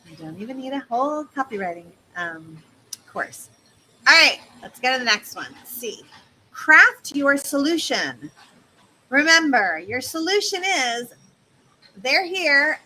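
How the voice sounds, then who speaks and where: A woman business coach teaching in a casual, animated way, speaking straight to her listeners. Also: high-pitched, slight background noise, rough recording.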